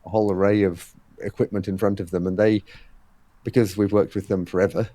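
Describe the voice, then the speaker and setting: A man's voice: on the low side, little pitch movement, a little fast, warm tone, dry recording. A man being interviewed on a podcast, explaining at length with many fillers and quoted exchanges. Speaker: guest, head of a fitness race series.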